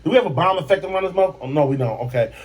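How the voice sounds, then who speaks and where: A man's voice: a little high, lively intonation, rapid-fire, husky. A man from Michigan hosting a podcast, delivering a profane, brash, mocking comedic rant. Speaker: podcast host.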